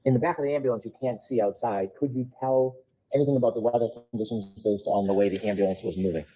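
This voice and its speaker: A man's voice: on the low side, quick pace, mellow, poor audio. A man questioning a witness in court as an attorney, with direct, prompting questions. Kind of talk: courtroom examination.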